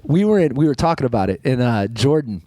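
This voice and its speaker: Animated man telling stories on a podcast. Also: mid-range voice, fast, no echo. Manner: animated storyteller, acts out quotes, laughs often. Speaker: podcast co-host. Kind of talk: casual chat. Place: podcast studio.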